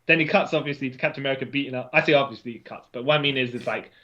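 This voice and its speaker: A man's voice: medium pitch, rapid-fire, pushed and bright. Chatty man recapping a comic, lo-fi sound. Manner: chatty, acts out character lines. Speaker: podcast co-host. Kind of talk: casual chat recapping a comic.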